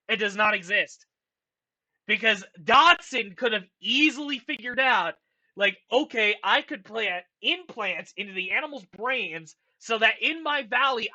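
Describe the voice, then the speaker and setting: Exasperated profane ranting man, bright voice. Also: sits high, dull audio. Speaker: vlogger ranking a film franchise. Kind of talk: casual ranting commentary.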